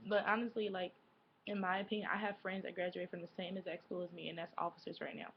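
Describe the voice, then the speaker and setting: A woman's voice: on the low side, flat delivery, fast, vocal fry, muffled recording, a little hiss or hum. A woman in her twenties chatting casually to camera as a vlogger, rambling with lots of fillers and self-corrections. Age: 20s.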